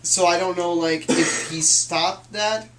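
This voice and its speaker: A man's voice: sits high, fairly even intonation, slow, fairly bright tone. A young man co-hosting a casual chat, joking and teasing. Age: young adult. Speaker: co-host. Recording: echoey room.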